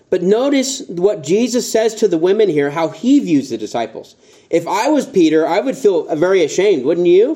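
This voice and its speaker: Mellow-voiced man preaching a sermon. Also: a little high. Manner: conversational, rising emphatic tones when quoting. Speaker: pastor.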